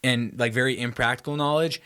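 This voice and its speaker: A man's voice: mid-range voice, steady tone, brisk, sharp tone, clean tone. A man co-hosting a podcast, chatting casually about a movie, stammering and restarting as he goes. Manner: stammering, agreeable. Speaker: podcast co-host. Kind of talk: casual movie review chat.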